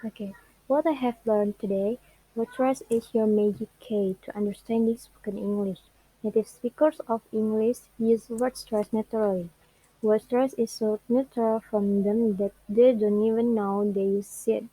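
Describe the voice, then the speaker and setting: A young woman, a student whose first language is Indonesian, presenting what she learned about English word stress in a careful, halting way and drawing out example words. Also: medium pitch, fairly even intonation, mellow, husky, dry recording, low-quality recording. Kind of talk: classroom presentation.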